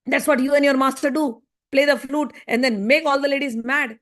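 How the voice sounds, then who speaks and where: A woman's voice: sits high, fairly even intonation, fairly quick, close to an everyday voice. A woman acting out a furious, heartbroken young woman who scolds and accuses in a raised voice. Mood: scornful.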